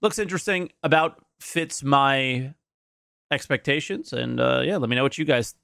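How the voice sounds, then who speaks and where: A man reacts to a video on his stream in easy, casual talk, thinking out loud and circling back on his words. His voice sits at an ordinary middle pitch. It comes through a close microphone with a dry, dead sound and no room around it. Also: moderate pace, creaky, smooth, dry recording. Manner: thinking aloud, with many restarts and hedges. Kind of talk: casual live-stream commentary.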